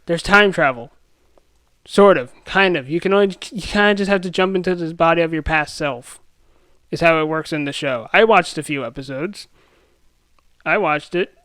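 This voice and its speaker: A young man rambling through a pop-culture rant as a YouTube commentator, excitable and full of restarts and self-interruptions. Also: a little high, no room sound.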